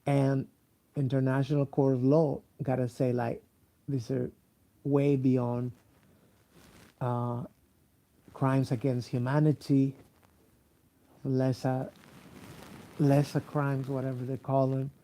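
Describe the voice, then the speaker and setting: Sleepy, gravelly man. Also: medium pitch, flat delivery, warm tone. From Mexico. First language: Spanish. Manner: halting, many fillers and restarts, profane. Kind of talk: rambling casual monologue.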